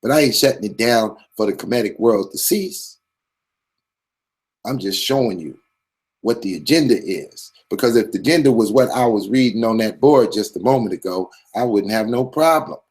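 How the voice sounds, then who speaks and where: Male host, deeper side, streetwise and swaggering, lays it out bluntly like a sermon. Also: expressive, normal speed, a little mellow. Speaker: commentary channel host. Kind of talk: profane streetwise commentary monologue.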